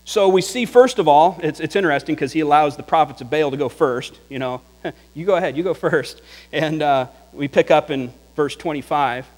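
Male pastor mid-sermon, higher voice, lively storyteller who laughs along; big echoing hall, faint mains hum. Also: moderate pace. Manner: animated, chuckling storyteller, drops to a hush for prayer.

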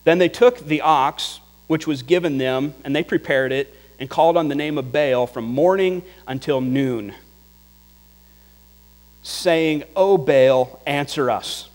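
Male pastor mid-sermon, higher voice, lively storyteller who laughs along; big echoing hall, faint mains hum. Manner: animated, chuckling storyteller, drops to a hush for prayer.

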